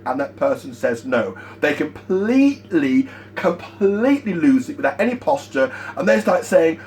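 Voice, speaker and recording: A man giving a motivational sales training talk, emphatic and energetic, repeating his key points. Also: fairly high pitch, normal speed, hardly any pauses.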